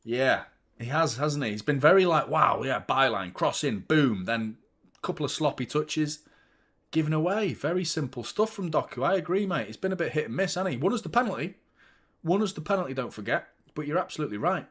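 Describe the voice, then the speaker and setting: A man's voice: fairly high pitch, expressive, fairly quick, husky. A young man hosting a live football watchalong, chatting casually with viewers and swearing freely between bursts of match commentary. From United Kingdom. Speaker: football fan channel host.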